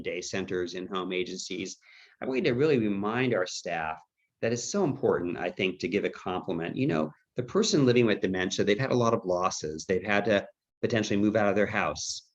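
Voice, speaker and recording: A middle-aged man giving a dementia care training webinar in a conversational, anecdotal way, often acting out quoted dialogue. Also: sits low. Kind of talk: webinar presentation. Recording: slightly dull webinar audio.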